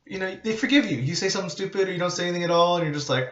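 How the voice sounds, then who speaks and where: A man teaching students about nursing in a relaxed, conversational way. He uses frequent fillers and tag questions as he explains. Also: sits high, rapid-fire. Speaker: psychiatric nurse instructor. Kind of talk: informal lecture to students. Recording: roomy, dull lo-fi recording.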